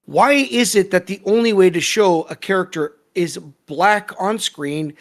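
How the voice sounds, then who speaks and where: A co-host in a casual review chat with a mid-range voice, ranting heatedly and swearing without restraint. The delivery is forceful and fired-up. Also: medium pitch, a little slow.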